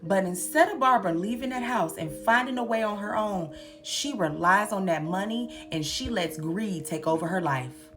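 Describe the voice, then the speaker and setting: A woman's voice: medium pitch, normal speed. A young woman giving a sassy, comedic recap commentary, acting out the characters' lines in different voices. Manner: sassy, animated, acts out quotes in voices. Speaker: commentary host. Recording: music playing underneath.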